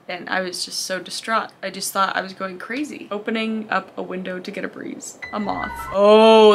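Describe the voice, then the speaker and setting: Bright-voiced woman reacting with jokes. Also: fairly low pitch, a little hiss or hum. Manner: animated, laughing, jokey asides. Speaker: host reacting to funny videos. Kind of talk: casual reaction commentary.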